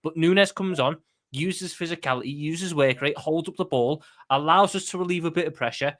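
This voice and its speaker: Male panelist, voice on the higher side, emphatic, stumbles over repeated words, passionate match talk. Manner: fast, emphatic, repeats words when excited. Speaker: panel guest, football fan.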